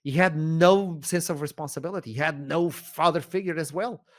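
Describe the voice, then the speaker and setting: A man with a Portuguese accent, an esports shoutcaster telling a story as a podcast guest, animated and acting out the dialogue. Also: on the high side, normal speed. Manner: animated, acts out dialogue, laughs often.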